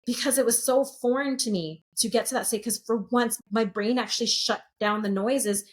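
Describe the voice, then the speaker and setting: A woman's voice: on the high side, normal speed. A woman in her late thirties, a sound healer speaking as a podcast guest, telling her story openly and earnestly and swearing freely. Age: late 30s. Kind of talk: candid podcast conversation.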